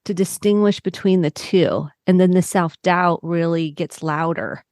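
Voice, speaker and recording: Middle-aged woman host, lower voice, heartfelt conversational manner. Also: unhurried, darkish tone, no echo, studio quality. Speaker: podcast host. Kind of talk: conversational interview.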